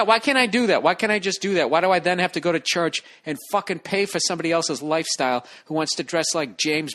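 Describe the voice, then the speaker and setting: A man's voice: fairly high pitch, a bit bright. A man hosting a comedy podcast, ranting in a profane, exasperated way while answering a listener's email. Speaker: podcast host.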